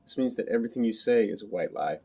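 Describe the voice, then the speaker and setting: A man reads a novel aloud in the first person, keeping his delivery flat, literal and carefully measured. His voice is deep and low, with a mellow, dark tone. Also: vocal fry, husky. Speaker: audiobook reader.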